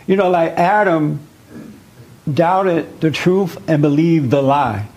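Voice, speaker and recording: An earnest male teacher preaching to a small group, coaxing them along with questions and repeated words. His voice sits a little high for a man. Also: slow pace, darkish tone, rough recording. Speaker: spiritual teacher leading a group. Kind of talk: interactive sermon with audience questions.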